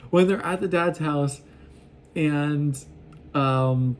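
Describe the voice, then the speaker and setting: A man casually recapping a show in an excitable, rambling way, often acting out what the characters say. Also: a little high, takes it slowly. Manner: excitable, gushing, acts out quoted lines. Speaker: vlogger recapping an anime.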